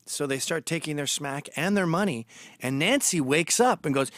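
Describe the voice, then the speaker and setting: Male host, brash gossipy storyteller, slightly raised pitch, dry close sound. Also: normal speed, pushed and bright, no room sound. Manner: gossipy, swaggering storyteller with blunt asides; turns urgent and emphatic when warning. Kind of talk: storytelling monologue.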